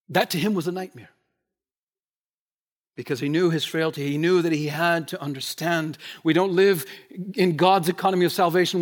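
Emphatic man preaching a sermon. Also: fairly high pitch. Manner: emphatic, repeats key phrases, swings from loud to hushed. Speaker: pastor.

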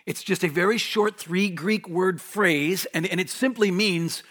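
Male pastor delivering a sermon, fairly high voice, drops to near-whispers then builds to raised, urgent emphasis. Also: normal speed. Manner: preaches with wide swings from hushed near-whisper to raised urgent voice.

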